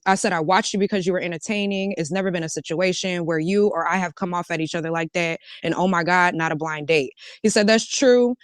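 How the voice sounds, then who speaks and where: A woman with a lowish, smooth, clear voice tells a casual storytime. She reads a chat exchange line by line, switching between "he said" and "I said". Her voice sounds dry and close. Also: no room sound. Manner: recounts a back-and-forth, switching between "he said" and "I said". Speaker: storytime vlogger.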